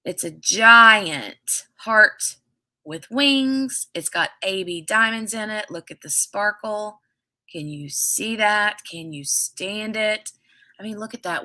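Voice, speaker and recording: A woman's voice: mid-range voice, bright, forceful tone. A woman hosting a casual craft livestream, chatting in a rambling, storytelling way and reading viewer comments aloud.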